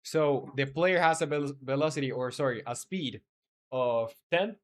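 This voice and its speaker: A man's voice: mid-range voice, unhurried, a little hiss or hum. Rambling man streaming game development. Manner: rambling, reads chat aloud, many fillers. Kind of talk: casual live-stream chat.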